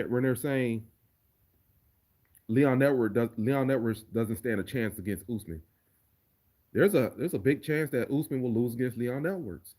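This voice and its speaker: A man's voice: mid-range voice, darkish tone. A man answering viewer questions on a casual livestream, laid-back and profane, often repeating words as he thinks. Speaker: livestreamer and remix producer.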